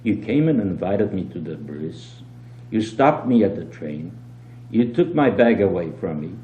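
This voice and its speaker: Outraged traveling businessman, loud and frantic, voiced by an older reader, dull roomy old tape. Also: low voice, very animated, a little slow. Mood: baffled. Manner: outraged, shouting complaints.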